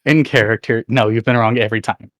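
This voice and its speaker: A man speaks in a laid-back, amused way during casual tabletop play. His voice sits at middle pitch and is recorded close and dry. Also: steady tone, fast talker, no echo. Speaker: player.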